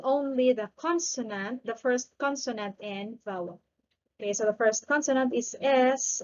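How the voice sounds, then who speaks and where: A woman's voice: on the high side, darkish tone, highs cut off. A woman teaching a grammar lesson, patiently repeating each word twice. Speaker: language teacher. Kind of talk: grammar lesson with slow drilled repetition.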